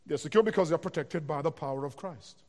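A man's voice: fairly high pitch, quick pace, darkish tone. A man preaching a sermon, explaining scripture verse by verse and building to emphatic declarations. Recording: long reverb of a large hall.

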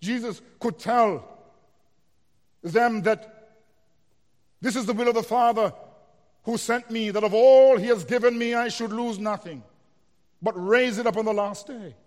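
A man with a high voice delivers an expository sermon, working through scripture line by line. He rises into emphatic, declarative stretches. His voice rings with the long reverb of a large hall. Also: measured pace, pauses often, darkish tone. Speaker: preacher.

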